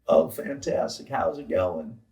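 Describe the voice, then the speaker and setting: A man puts on the voice of a former male president making a phone call, deep and stentorian. It sounds official but stammers and hesitates nervously. It comes across low and roomy. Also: sing-song, a little slow, warm tone, recorded from a distance.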